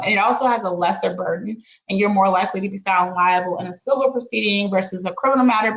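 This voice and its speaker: Animated woman, roomy sound. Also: mid-range voice. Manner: animated, exclaims 'girl' often, laughs. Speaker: streamer commenting on a lawsuit. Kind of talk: casual live-stream commentary.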